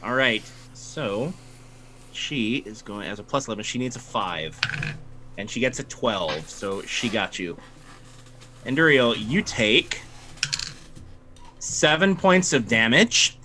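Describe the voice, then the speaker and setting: A man running a tabletop game as game master, narrating the action and slipping into quick voices for the crowd. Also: mid-range voice, background noise. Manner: animated, acts out crowd voices. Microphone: home mic on a livestream.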